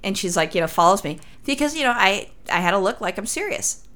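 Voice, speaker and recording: A woman's voice: medium pitch, very animated, fast talker, fairly bright tone. A woman from Los Angeles telling a crude story in casual chat, swearing freely as a podcast host.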